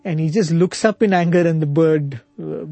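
A man retelling a spiritual story in casual conversation, hesitant with many fillers and soft chuckles. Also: on the high side, normal speed, vocal fry, no room sound.

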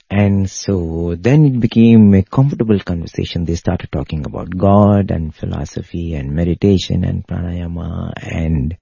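A man giving a spiritual talk, telling a story in an unhurried way with fillers and repeats. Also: low-pitched, vocal fry, mellow, slightly rough, dry recording. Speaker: spiritual speaker. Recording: dull lo-fi dry audio.

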